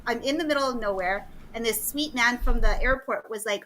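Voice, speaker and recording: A middle-aged woman from Canada telling a story casually, animated and laughing often, with some swearing. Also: fairly high pitch, brisk, few pauses, slight background noise, poor audio. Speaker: guest.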